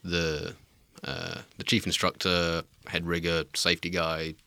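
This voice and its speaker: A laid-back man talks about his tandem skydiving work as a guest in a casual chat, laughing often. His voice sits very low yet sounds bright. The recording is dry and close. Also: monotone, measured pace, gravelly, clear, resonant tone, no echo.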